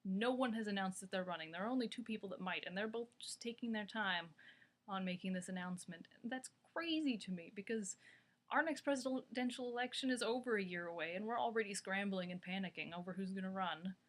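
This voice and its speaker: A woman's voice: mid-range voice, brisk. A young woman chatting casually to her camera as a vlogger, wry and talkative, with plenty of filler words.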